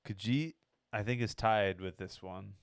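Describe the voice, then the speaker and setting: Casting: deep-voiced male podcast co-host, halting, clear and smooth. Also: no room sound, studio quality. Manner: hesitant, many fillers, searches for words. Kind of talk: casual chat.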